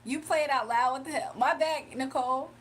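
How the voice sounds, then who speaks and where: High-voiced young woman streamer, chatty. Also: a little fast, a bit bright, distant mic, a little hiss or hum. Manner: chatty, laughs often, slangy. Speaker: livestream host giving spiritual readings. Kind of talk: casual livestream chat, reading viewer comments aloud.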